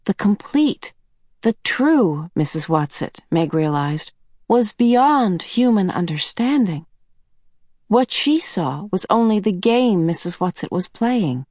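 A woman reading a novel aloud as an audiobook narrator, in measured storytelling. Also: medium pitch, sing-song, a little mellow, no echo, studio quality. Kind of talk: scripted narration.

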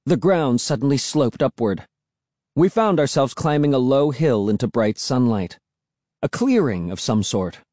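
A man reading a first-person story aloud, with an expressive, animated delivery. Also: mid-range voice, unhurried, no echo, clean studio sound. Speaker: audiobook narrator.

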